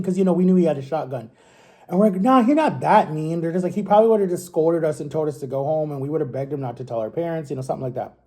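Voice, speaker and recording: A man's voice: on the high side, animated, fast talker, dark tone. A man in his thirties telling a story in a loose, rambling way, swearing often and asking "right?" again and again. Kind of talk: casual storytime.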